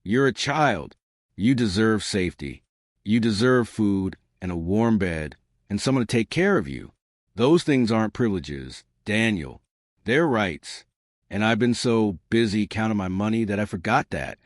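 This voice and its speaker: A man's voice: on the low side, lively intonation, measured pace, no echo, studio quality. A man doing a remorseful rich father. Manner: emotional, breaking voice. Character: remorseful wealthy father, middle-aged man.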